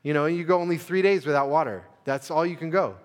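A man preaching a sermon as pastor, earnest, building to emphatic peaks and dropping to soft, quiet stretches. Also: fairly high pitch, fast, smooth, big-room sound. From United States. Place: church sanctuary.

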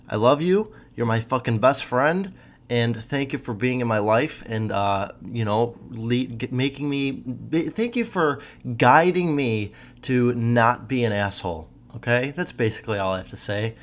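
A man in his twenties hosting a casual solo Q&A, rambling and swearing freely. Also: medium pitch. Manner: rambling and profane, full of fillers and restarts. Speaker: podcast host.

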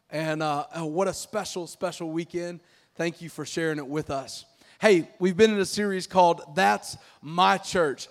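Pastor guy preaching, pretty high voice, upbeat and jokey, gets the crowd to repeat stuff. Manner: lively, jokey, rallies congregation to repeat phrases. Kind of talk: sermon. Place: church auditorium with congregation.

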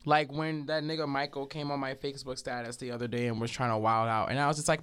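A man co-hosting a casual chat show, telling stories in a blunt, animated way. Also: mid-range voice, fast, hardly any pauses, clear, resonant tone, no room sound. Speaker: podcast co-host.

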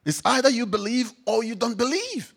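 A man preaching a sermon as pastor, emphatic, swinging between loud declarations and quiet reflection. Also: extremely high pitch, big pitch swings, moderate pace, vocal fry, slightly rough.

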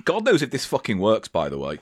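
A man's voice: on the low side, huge pitch swings, quick pace, no echo. A man from England co-hosting a comedy podcast, bantering playfully and swearing freely, sometimes slipping into silly voices. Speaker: podcast co-host.

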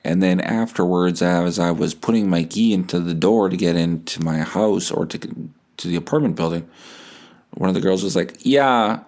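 A man in his thirties hosts a comedic podcast monologue, telling a rambling, digressive, self-deprecating story laced with swearing. His voice is deep and warm, with a steady tone and normal speed.

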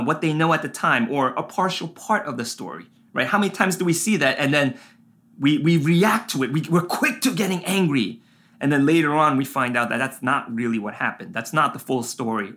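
A man, a pastor, preaching a sermon and telling a personal story in an animated way, full of fillers and asides. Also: mid-range voice.

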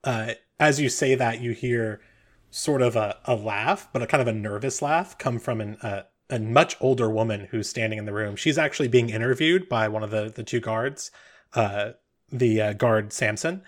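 A man's voice: medium pitch, normal speed. Male game master, loose rambling narration. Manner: rambling, with frequent fillers.

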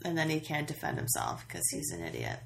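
A woman's voice: sits low, wildly swooping pitch, fairly quick, vocal fry, a little hiss or hum, rough recording. A woman co-hosting a podcast, chatting casually and laughing as she recaps a show. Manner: chatty, laughs easily, acts out her reactions. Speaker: podcast co-host.

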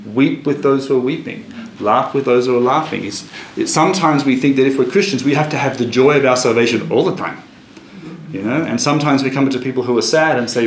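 A man's voice: medium pitch, brisk. A man leading a casual Bible study, chatty and laughing, often restarting his sentences. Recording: echoey room with faint noise.

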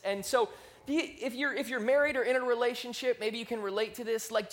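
Male pastor, 30s, high voice, conversational sermon with animated outbursts, handheld mic. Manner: conversational, animated storytelling with quick rises in volume. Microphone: handheld microphone.

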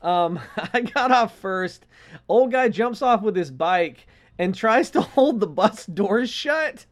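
A man co-hosting a podcast, telling a story in casual chat and acting out the characters' lines with lively voices. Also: high voice, slow. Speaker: podcast co-host.

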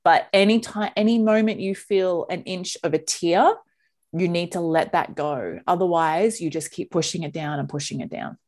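A woman's voice: on the low side, moderate pace, darkish tone. A woman hosting a podcast, talking frankly and emotionally, with casual swearing. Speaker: podcast host. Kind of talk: candid podcast conversation.

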